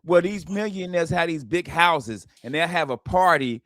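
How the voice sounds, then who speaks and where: A man's voice: on the high side, normal speed, a bit bright, no echo, studio quality. A man co-hosting a comedy talk radio show, emphatic and joking, repeating phrases to land a point. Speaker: radio co-host. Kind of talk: casual comedic radio banter. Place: radio studio.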